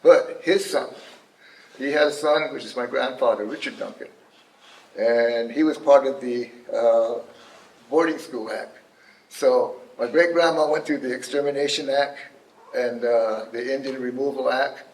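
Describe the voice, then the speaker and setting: An older man in his seventies, a tribal elder, speaks at a middle pitch in an unhurried, plain-spoken way, often pausing on small fillers. His voice rings through a large, echoing room, with a faint hum of ambience behind him. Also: a little mellow. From Northern California. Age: 70s. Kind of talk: personal testimony talk.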